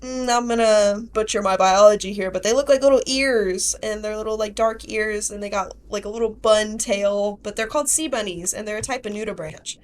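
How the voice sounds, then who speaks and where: A young woman hosting a podcast in casual chat, chatty and quick to laugh. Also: mid-range voice. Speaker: podcast host.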